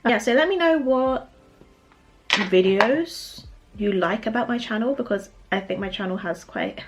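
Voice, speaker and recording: Chatty British woman doing makeup. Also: medium pitch. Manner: chatty, laughs often, talks while applying makeup. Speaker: beauty vlogger. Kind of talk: get-ready-with-me makeup chat.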